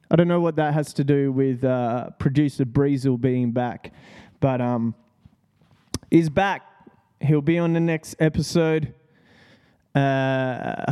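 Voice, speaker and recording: A man's voice: medium pitch, warm tone, clear, resonant tone. A young man hosting a casual solo podcast, laid-back and profane, rambling with lots of fillers. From Australia. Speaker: podcast host.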